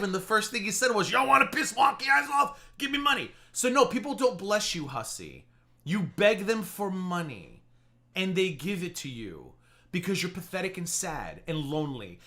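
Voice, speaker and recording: A man's voice: a little high, pushed and bright. A man hosting a live reaction stream, talking in a sarcastic, mocking and exasperated way. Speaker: live-stream commentary host.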